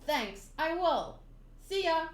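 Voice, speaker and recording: A woman's voice: very high voice, expressive, takes it slowly, pitched above the performer's own voice, exaggerated voice. A woman voicing a carefree young male pirate captain who talks bluntly and cheerfully. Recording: roomy echo.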